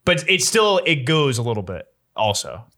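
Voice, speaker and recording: Bright-voiced man, laid-back chat. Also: mid-range voice, sing-song, normal speed. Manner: laid-back, slangy, swears freely. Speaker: podcast co-host. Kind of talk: casual chat.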